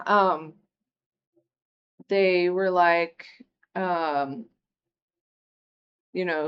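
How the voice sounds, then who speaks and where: Slow, gravelly woman telling her story. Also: on the low side, steady tone. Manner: candid, emotional, swears freely. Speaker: storyteller sharing recovery story. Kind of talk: personal storytelling. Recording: slightly dull lo-fi audio.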